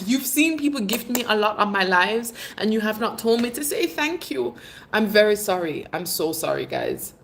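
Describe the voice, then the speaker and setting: A woman's voice: normal speed, a little hiss or hum. A woman hosting a casual livestream, reading viewer comments and chatting animatedly, calling viewers "babes" and laughing often. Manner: bursts of laughter, lively pitch swings. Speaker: livestream host. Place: Jamaica.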